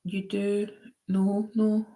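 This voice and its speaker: A woman's voice: medium pitch, monotone, drawn-out words, mellow. A woman giving a live-stream tarot reading in a chatty, rambling way, often going off on tangents. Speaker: tarot reader.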